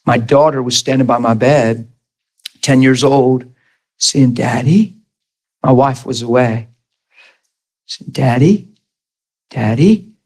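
A man in his thirties or forties preaches his testimony slowly, with frequent pauses, in a medium-pitched voice. Still, he's animated, laughing often and acting out scenes from the story.

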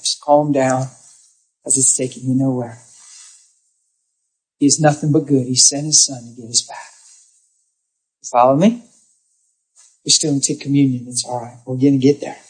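A man's voice: fairly high pitch, breathy edge. A man preaching a sermon, telling stories in an emphatic, direct way. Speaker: pastor.

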